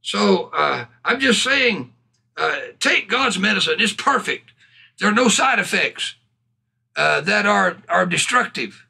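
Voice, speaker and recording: A man preaching a sermon in a high, bright voice with a gravelly, husky edge. He is fervent and exclaims praise between his points. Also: lively intonation, measured pace. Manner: fervent, punctuated with hallelujahs and bursts of laughter.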